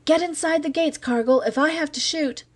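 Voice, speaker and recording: A woman's voice: fairly high pitch, brisk, mellow, no echo, pitched above the performer's own voice, lightly acted. A woman reading the lines of a nervous young male space guard who blurts out anxious questions.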